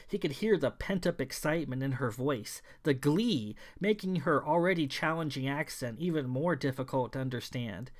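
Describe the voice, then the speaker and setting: A man narrating his own science fiction novel in a measured, even storytelling read. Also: medium pitch. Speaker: author and narrator. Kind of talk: audiobook narration.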